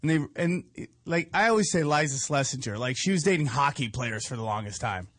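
A man's voice: medium pitch, expressive, a little fast, fairly bright tone, dry recording, studio quality. A man co-hosting a podcast, joking bluntly and swearing through casual chat. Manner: blunt, joking, profane banter. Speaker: podcast co-host.

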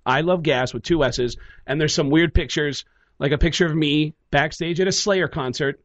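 Animated male comedian telling a story. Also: fairly high pitch, normal speed, no room sound, highs cut off. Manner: lively, acts out every quote in voices. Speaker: comedian and voice actor, guest. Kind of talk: animated storytelling on a talk radio show.

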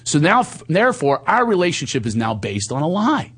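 A man candidly telling a personal story in conversation, animated, sometimes quoting himself in higher voices and dropping low and soft at tender moments. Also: a little fast, breathy edge.

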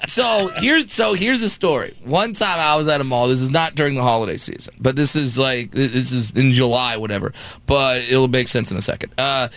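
A man's voice: medium pitch, fairly quick, fairly bright tone. A man in his thirties telling comic stories on a talk show, jumping into the voices of the people in them. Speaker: guest storyteller.

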